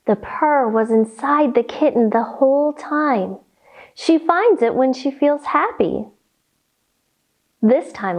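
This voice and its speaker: A woman reading a children's story aloud and guiding kids through yoga poses, encouraging and sing-song. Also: fairly high pitch.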